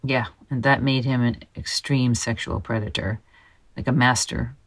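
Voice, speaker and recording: Very low-voiced woman, hushed and halting. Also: fairly even intonation, low-quality recording. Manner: soft, halting, often drops to a hushed near-whisper. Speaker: interview guest, model. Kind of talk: personal storytelling in an interview.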